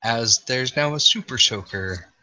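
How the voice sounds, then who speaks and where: A man narrating a tabletop game as game master, in drawn-out, halting narration with fillers. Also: medium pitch, bright, forceful tone, dry recording.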